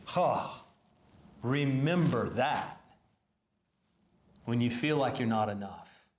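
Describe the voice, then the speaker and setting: A pastor delivering a sermon in an earnest, halting way, often restarting phrases. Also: male voice, mid-range voice, lively intonation, echoey room.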